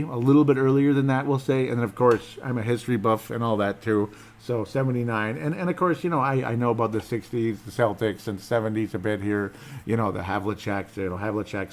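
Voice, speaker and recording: A man hosting a casual solo podcast in a rambling, jokey, self-deprecating way. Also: on the low side. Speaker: podcast host.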